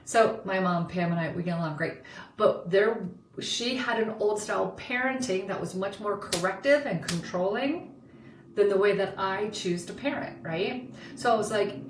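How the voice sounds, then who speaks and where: A woman's voice: medium pitch, normal speed. A woman in her forties, co-hosting a podcast, telling a candid personal story and acting out the voices in it. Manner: expressive, acts out quoted dialogue. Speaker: podcast co-host. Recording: roomy, distant mic with background noise.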